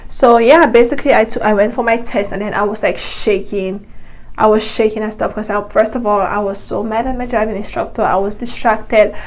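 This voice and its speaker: A woman's voice: fairly high pitch, a little hiss or hum, low-quality recording. Chatty young woman telling a storytime. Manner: chatty, exasperated retelling with many fillers. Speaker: vlogger. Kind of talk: casual storytime.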